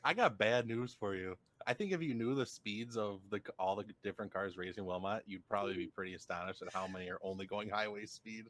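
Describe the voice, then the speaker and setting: A man co-hosting a casual racing podcast, relaxed, plain-spoken and opinionated. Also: fairly low pitch, a little fast, few pauses. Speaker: podcast co-host.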